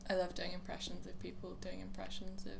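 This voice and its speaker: Gravelly woman, unhurried gamer who swears at enemies, clear hiss behind. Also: fairly low pitch. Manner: excitable, swears at the game. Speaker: streamer playing a game. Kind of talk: casual chat.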